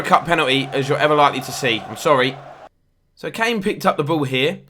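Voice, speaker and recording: A young man commentating on his football video game match, excitable and bursting into loud outcries at near misses and fouls. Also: a little high, a little fast, slight background noise. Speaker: gaming YouTuber.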